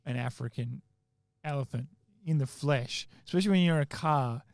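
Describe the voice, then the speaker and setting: A man hosts a relaxed chat, mostly chiming in with quick reactions and the odd joke. His voice sits at a middling pitch, and the recording is dry and close. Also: no echo. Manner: reacts with short interjections and jokes. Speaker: podcast host. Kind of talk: casual chat.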